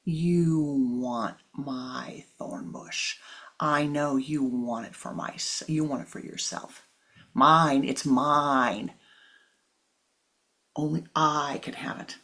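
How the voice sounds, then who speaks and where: A woman's voice: deep voice, slow pace, fairly bright tone, voice pushed down, exaggerated voice. A woman voicing a suffering man who clings to a thorn bush, first wailing and moaning, then grasping and defensive. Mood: possessive.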